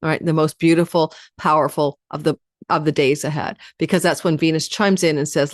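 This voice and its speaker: Fast-talking woman astrologer, low dry voice. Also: steady tone, no echo. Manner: addresses viewers directly. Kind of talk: weekly astrology forecast.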